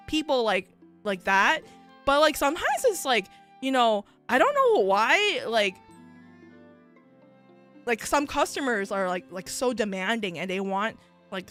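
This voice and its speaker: A woman VTuber telling stories in casual chat, animated and full of fillers, acting out the people in them. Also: fairly high pitch. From United States. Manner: animated, filler-heavy, acts out voices in stories. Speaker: VTuber streamer.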